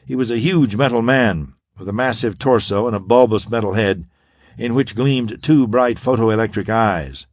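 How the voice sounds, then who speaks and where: A man narrating an adventure audiobook in an expressive reading style. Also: lowish voice, normal speed, dry recording, clean studio sound. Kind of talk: scripted narration.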